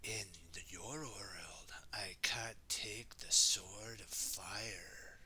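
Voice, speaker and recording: A man voicing a sinister shadow lord in a slow, spooky, low whisper for a storybook reading. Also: fairly even intonation, bright, forceful tone, husky, exaggerated voice. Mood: menacing.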